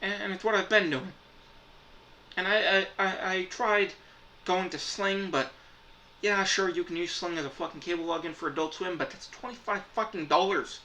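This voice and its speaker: A man's voice: high voice, moderate pace, pushed and bright, slight background noise, rough recording. A man reviewing streaming services in a frustrated, profane rant, swearing constantly.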